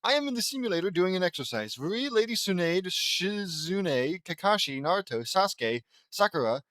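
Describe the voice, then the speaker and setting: A man's voice: high-pitched, very animated, moderate pace, a bit bright, no room sound, studio quality. A man with a sore throat reading fan fiction aloud at home, wandering off into rambling, self-deprecating asides. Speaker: fan fiction audiobook reader.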